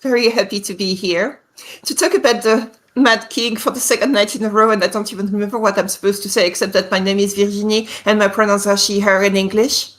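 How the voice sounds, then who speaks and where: French woman guest, French accent, offhand and self-mocking, mid-pitched everyday voice. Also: steady tone, fast talker. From France. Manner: scattered, self-deprecating, blunt. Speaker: guest panelist. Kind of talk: casual live-stream chat.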